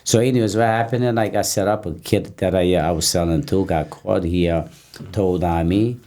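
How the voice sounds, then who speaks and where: A man with a very deep voice tells his story as a guest in a casual interview. He talks haltingly, restarting and repeating words as he goes. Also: warm tone. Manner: halting, repeats words, breaks off mid-sentence. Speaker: interview guest, personal trainer.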